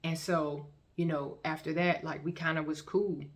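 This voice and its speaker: A woman's voice: deep voice, level tone, moderate pace. A woman casually telling her own story to viewers in a chatty, colloquial way, often breaking into laughter. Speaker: vlogger sharing her testimony.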